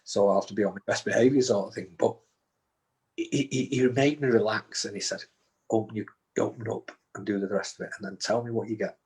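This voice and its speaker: Husky low-voiced man telling a story. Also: steady tone, brisk, a little mellow. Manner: recounts events with repeated restarts and acted-out quotes. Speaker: guest. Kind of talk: storytelling in conversation.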